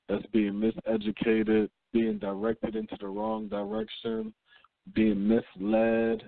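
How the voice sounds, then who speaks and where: A man hosting a call-in talk radio show, speaking in an unhurried, reflective way and reading a news story aloud. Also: mid-range voice, vocal fry, no room sound. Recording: phone-line call-in audio.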